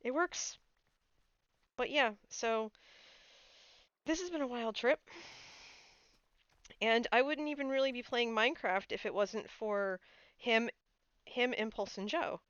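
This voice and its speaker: A woman's voice: fairly high pitch, measured pace, pauses often, a bit bright, clear, resonant tone, no room sound, muffled recording. A woman streamer chatting casually while playing a game, telling stories with lots of fillers. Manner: chatty storyteller with frequent fillers. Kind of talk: casual gaming stream chat.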